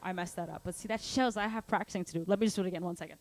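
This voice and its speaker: A woman's voice: lowish voice, racing, noisy background. A woman teaching a live online drum lesson, chatty and encouraging, with many casual fillers.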